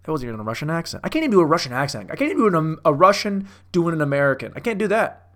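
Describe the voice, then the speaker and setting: A man's voice: fairly high pitch, sing-song, very fast, a bit bright. A young man riffing casually on movies, profane and self-mocking, like a comic doing a bit. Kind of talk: casual rambling commentary.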